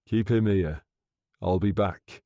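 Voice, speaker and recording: A man voicing a smooth-talking gangster undertaker who speaks low, soft and quietly threatening, in an audiobook reading. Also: slow, no echo, studio quality. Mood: menacing.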